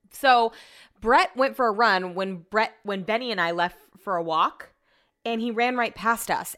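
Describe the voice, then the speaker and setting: A woman's voice: mid-range voice, fairly bright tone. A young woman hosting a podcast alone, rambling through a casual story with lots of "like" and the odd swear word. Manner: chatty and rambling, heavy use of "like", casual swearing. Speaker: podcast host. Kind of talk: casual solo podcast monologue.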